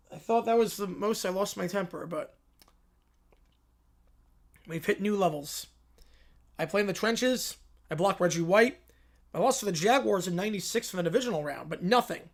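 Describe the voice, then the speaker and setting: A man's voice: high-pitched, voice pushed down. A man voicing a fed-up middle-aged football commentator who talks in a weary, sighing way.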